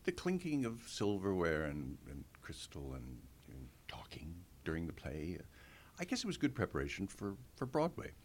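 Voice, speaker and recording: A man's voice: low voice, wildly swooping pitch, normal speed. A man, a guest actor in a conversational interview, telling stories animatedly, acting out quotes and laughing often.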